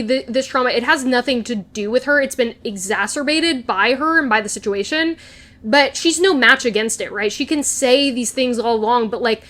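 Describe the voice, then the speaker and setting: A young woman vlogger chatting casually and gushing as she recaps a TV episode, slipping into quoted lines. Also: sits high. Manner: gushing, animated, quotes characters in voices.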